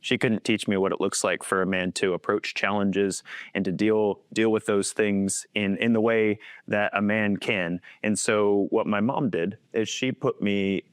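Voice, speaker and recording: A man in his thirties speaks as a podcast guest in a somewhat low voice, recorded dry and close. He shares personal stories in an earnest, conversational way and often chuckles as he talks. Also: steady tone, unhurried, clean tone, no echo. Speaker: podcast guest, faith-based coach.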